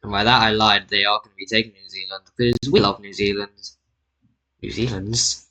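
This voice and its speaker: Bright-voiced man narrating casually. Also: lowish voice, fairly even intonation, a little fast, poor audio. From Britain. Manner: rambling, self-correcting, jokey asides. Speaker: map video creator. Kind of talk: casual narration over screen recording.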